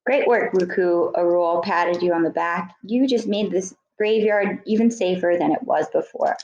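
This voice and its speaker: A woman's voice: lowish voice, normal speed, darkish tone, reverberant, muffled recording. A woman teacher reading a book chapter aloud to students, correcting her slips and stopping to explain words.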